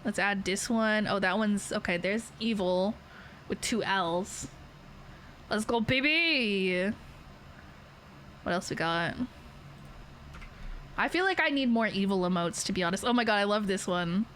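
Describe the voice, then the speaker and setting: A woman's voice: medium pitch, normal speed, a bit bright, a little hiss or hum. A young Canadian woman with a Canadian accent, chatting casually and rambling with her stream viewers, giggling often.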